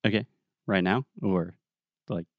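A young adult man co-hosting a podcast, telling a story in a relaxed, casual way with plenty of fillers. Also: low-pitched, measured pace, dry recording, studio quality. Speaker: podcast co-host.

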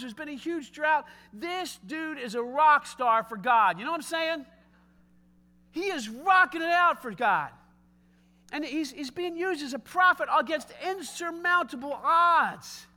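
A man preaching a sermon, retelling a scripture story with lively, casual asides. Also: very high-pitched, normal speed.

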